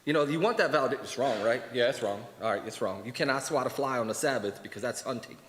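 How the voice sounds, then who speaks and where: A man's voice: mid-range voice, fast, slight background noise. Man teaching in an echoey church hall. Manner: candid and animated, acting out quoted voices. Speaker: Bible class teacher.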